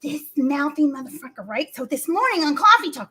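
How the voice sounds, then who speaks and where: A woman's voice: sits high, very animated, brisk, bright, forceful tone. A woman co-host telling rambling, profane stories on a comedy talk show, acting out the other people in them. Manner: profane, rambling, acts out quotes.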